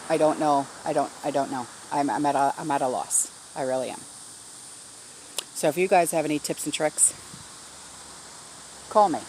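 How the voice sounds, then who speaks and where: A woman's voice: low-pitched, darkish tone, slight background noise, rough recording. Middle-aged woman chatting in her garden. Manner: rambling and heartfelt, many fillers and restarts. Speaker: garden vlogger. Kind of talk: casual vlog talk. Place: backyard garden, outdoors.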